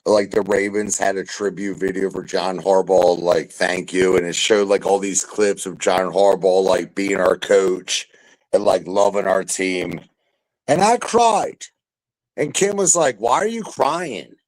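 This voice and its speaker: A young man in casual chat, ranting loudly and profanely about football. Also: low voice, a little slow, low-quality recording. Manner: loud, profane football rants. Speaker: podcast panelist.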